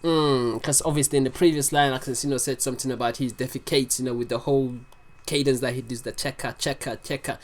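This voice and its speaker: Excitable, profane reaction video host. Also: medium pitch, quick pace. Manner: excitable and profane, explains the lyrics aloud. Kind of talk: casual reaction commentary.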